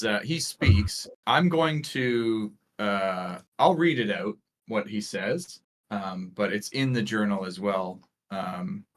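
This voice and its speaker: A man's voice: on the low side, slight background noise. A man running a tabletop game as game master, narrating hesitantly with many fillers.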